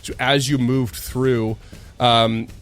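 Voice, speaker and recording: A man's voice: mid-range voice, flat delivery, slow, faint music behind. Laid-back male game master. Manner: loose, filler-heavy narration with frequent laughs. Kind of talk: narrating a tabletop game.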